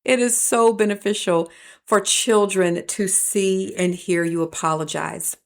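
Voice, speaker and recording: A woman who is a professor, hosting a reflective podcast monologue and telling stories, with lively turns when she voices the people she quotes. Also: medium pitch, measured pace. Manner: storytelling, animating quoted voices.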